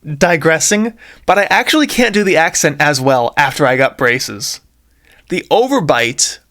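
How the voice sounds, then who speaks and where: An animated young man reads from an old book he wrote, breaking off for wry, casual commentary. His pitch moves a lot, from excited highs down to dry mutters. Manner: animated, wry asides while reading. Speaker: YouTuber reading his childhood book aloud.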